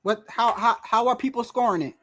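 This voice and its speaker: A livestream host giving casual, excitable fight commentary from home, full of slang, cursing and restarts. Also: medium pitch, a little fast. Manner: excitable, loud outbursts, frequent slang and cursing; rambling restarts and repeated words. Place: indoors at home, wind and street heard outside.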